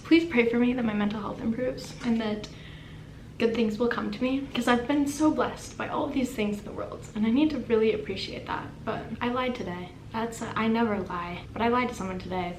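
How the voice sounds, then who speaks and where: A young woman vlogger telling a story in casual, animated, self-deprecating chat. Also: on the high side, a little hiss or hum. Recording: echoey room with faint ambience.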